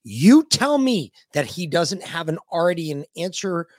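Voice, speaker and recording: Guy podcast cohost, bit high voice, blunt and sweary, dry sound. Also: sing-song, moderate pace, no room sound. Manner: blunt, emphatic, profane. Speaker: podcast co-host. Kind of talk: casual chat and clip commentary.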